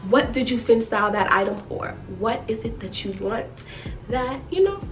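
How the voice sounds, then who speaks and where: A woman's voice: a little high, big pitch swings, normal speed. Woman, fashion vlogger, casual chatty delivery, repeats herself for emphasis, faint music behind. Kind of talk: casual direct-to-camera vlog.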